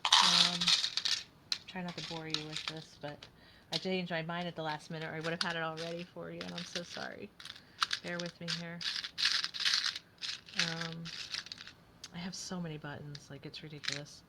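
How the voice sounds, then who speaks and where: A woman's voice: lowish voice, level tone, moderate pace, long pauses, very noisy. A woman chatting casually as she works on a craft project, thinking aloud and often dropping to a whisper.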